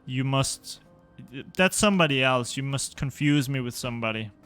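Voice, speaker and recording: A man's voice: medium pitch, animated, normal speed, fairly bright tone, faint music behind. A young man streaming a game live, chatting with viewers and laughing often.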